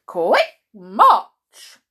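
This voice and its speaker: A woman's voice: fairly high pitch, huge pitch swings, drawn-out words, pushed and bright, pitched above the performer's own voice, full character voice. A woman voicing a giggly little magic boot in a storybook, snappy like a drill sergeant.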